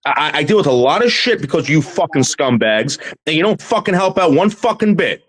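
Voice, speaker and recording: A man's voice: a little high, very animated, fairly quick, a bit bright. Furious man ranting with stammers. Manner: furious, swearing, stammering rant. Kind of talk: live stream group call.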